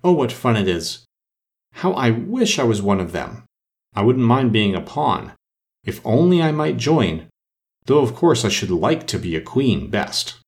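A man's voice: medium pitch, big pitch swings, unhurried. A man voicing a curious, polite young girl who talks eagerly and a little breathlessly in a storybook reading. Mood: delighted.

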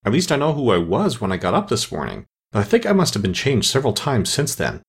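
A man's voice: mid-range voice, wildly swooping pitch, fast talker, husky, heavily acted. A man voicing a polite, earnest, curious little girl in a storybook reading.

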